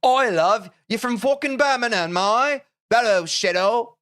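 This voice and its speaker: A man's voice: lowish voice, a little slow, a bit bright, smooth, no echo, clean studio sound, pitched below the performer's own voice. A man voicing an exaggerated, cheeky British man in a brash, teasing mock-British manner.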